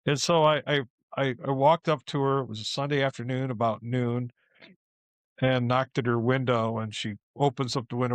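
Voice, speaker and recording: A man's voice: medium pitch, moderate pace, no room sound. A man who works as a ghost tour guide, telling a story casually and acting out the people in it. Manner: animated, acts out the people in his stories.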